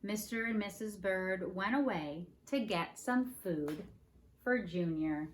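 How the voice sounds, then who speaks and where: A woman, a preschool teacher, reading a children's picture book aloud in a playful, animated way and asking the listeners questions. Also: mid-range voice, slow pace. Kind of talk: children's storybook read-aloud. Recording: faint background noise. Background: dog barking now and then.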